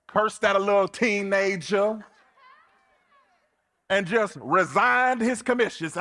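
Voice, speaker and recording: A man preaching a sermon in an animated, colloquial, playful way. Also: sits high, slow. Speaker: pastor.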